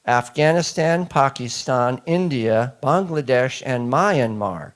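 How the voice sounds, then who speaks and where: A man's voice: mid-range voice, expressive, slow pace. Guy lecturing a crowd, mid voice, leans hard on his points and quizzes people. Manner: emphatic, asks the audience questions. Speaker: speaker addressing an audience. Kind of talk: public lecture.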